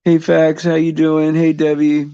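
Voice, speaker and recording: A man hosting a casual faith chat on a livestream, rambling and halting with many fillers, restarts and frequent chuckles. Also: a little high, monotone, mellow, clean tone, dry recording, muffled recording.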